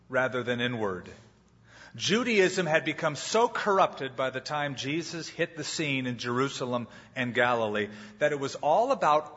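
A man's voice: medium pitch, bright, forceful tone, slightly rough. A man preaching a sermon as pastor, dramatic and acting out the people he quotes. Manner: dramatic, acts out quoted voices. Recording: muffled hall recording with long reverb.

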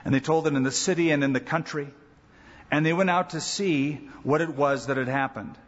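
Man, pastor, sermon, animated delivery, long hall reverb, dull lo-fi recording. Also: fairly quick. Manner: animated, acts out quoted voices with rising pitch.

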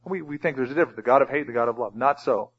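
A man's voice: mid-range voice, very fast, husky. A man preaching a sermon as pastor, emphatic and reading scripture aloud. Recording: dull lo-fi recording.

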